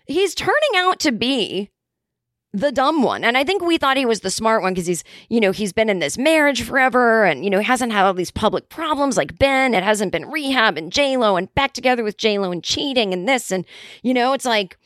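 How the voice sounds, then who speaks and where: A woman's voice: a little high, animated, fairly quick, a bit bright, no echo, studio quality. Sarcastic, rambling woman podcast host. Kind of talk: solo podcast commentary.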